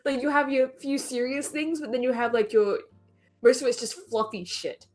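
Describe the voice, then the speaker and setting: A woman's voice: high voice, moderate pace, darkish tone, soft background music. A woman from Australia co-hosting a casual late-night chat, laid-back and profane, laughing often. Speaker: co-host.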